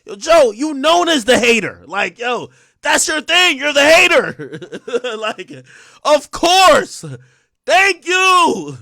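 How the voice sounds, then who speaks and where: A man hosting a livestream, ranting casually and profanely to his chat, often shouting and laughing. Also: very high-pitched, very animated, slow pace, vocal fry, no room sound, studio quality. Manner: profane, addresses chat directly. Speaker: livestream host.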